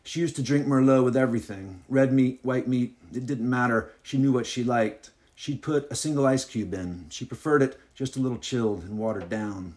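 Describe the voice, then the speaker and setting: A gruff retired widower, as a man reads him aloud, blunt and a little too loud. The voice sits in an ordinary middle pitch. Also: normal speed, hardly any pauses, natural voice. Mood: reminiscing. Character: grieving retired Southern father, gruff and distant.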